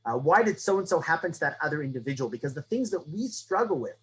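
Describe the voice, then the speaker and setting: A man's voice: very animated, fast talker, low-quality recording. Man teaching a lesson, storytelling. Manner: storytelling, often asks "right?" to the listeners; swings between raised emphatic and low hushed delivery. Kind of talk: Torah lesson on the Passover Haggadah.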